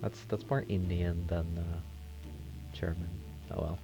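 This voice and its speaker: A man's voice: sits low, fairly even intonation, measured pace, gravelly, pauses often, dark tone, soft background music. A man casually commenting while playing a video game, joking and offhand. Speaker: let's play host.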